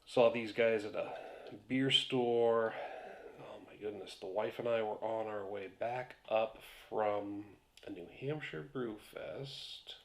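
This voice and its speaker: A man's voice: fairly low pitch, takes it slowly, slight background noise. A man rambling casually through a beer review vlog, a few beers in and swearing now and then.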